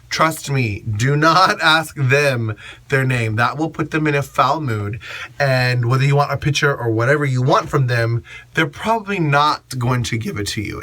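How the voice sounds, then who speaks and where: Sassy bright-voiced drag performer. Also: male voice. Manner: sassy, blunt, acts out gushing fans in shrill voices. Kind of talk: casual advice monologue.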